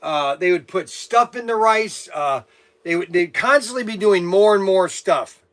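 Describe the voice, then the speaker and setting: A man's voice: high voice, unhurried, a bit bright. A man hosting his hobby channel, telling a meandering story in a casual monologue with grumbling asides. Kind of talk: casual rambling monologue to camera.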